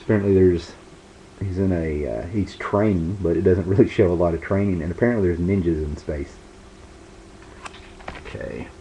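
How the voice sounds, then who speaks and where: A man's voice: low voice, moderate pace, pauses often, dark tone. A man casually showing and reviewing old comic books, rambling with lots of fillers and restarts. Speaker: comic book video host. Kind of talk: casual show-and-tell review. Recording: dull lo-fi home recording with faint background hiss.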